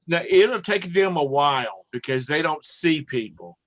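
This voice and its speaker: Middle-aged male co-host, a touch high-pitched, teasing storyteller, dry recording. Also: lively intonation, a little slow, dry recording. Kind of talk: casual chat.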